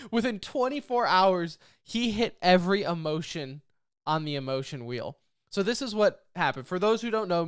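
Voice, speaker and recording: A man co-hosting a casual esports podcast, talking in an animated, rambling way and laughing often. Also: sits high, clear, resonant tone, no echo, studio quality. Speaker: podcast co-host.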